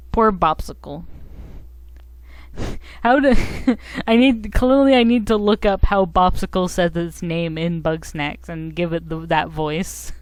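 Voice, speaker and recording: A woman's voice: on the low side, takes it slowly, long pauses, no room sound. A young woman streaming a game, chatting casually in a giggly, self-mocking, rambling way. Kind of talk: casual live-stream chat.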